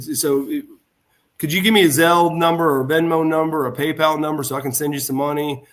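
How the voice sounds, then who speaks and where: A middle-aged man, a former pro wrestler, telling a story as a guest over a remote video call and acting out the voices of the people he quotes. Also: fairly high pitch. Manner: animated, acts out quoted voices. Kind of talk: casual anecdote storytelling.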